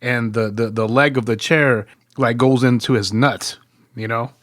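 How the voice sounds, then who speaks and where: A man's voice: mid-range voice, fairly even intonation, measured pace, a bit bright, dry recording, studio quality. A man hosting a podcast, telling a rowdy story in casual, profane chat and laughing through it. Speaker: podcast host.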